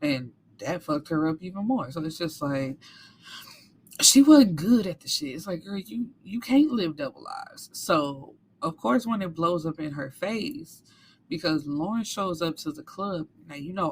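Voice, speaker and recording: A woman's voice: on the low side, expressive, unhurried, a little mellow, a little hiss or hum. A woman reviewing a book in a casual recap, talking candidly with some cursing and acting out characters' lines.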